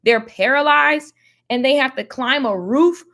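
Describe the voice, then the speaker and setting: A woman giving casual Bible teaching in a slangy, animated, preachy way. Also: high voice, a little slow. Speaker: faith teacher.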